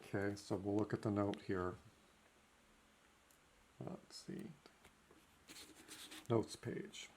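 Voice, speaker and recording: A man's voice: lowish voice, fairly even intonation, slow pace, pauses often, darkish tone, a little hiss or hum. A man giving a recorded language lesson, working through notes methodically and marking each step with "okay". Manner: methodical, frequent "okay" between points. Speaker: teacher.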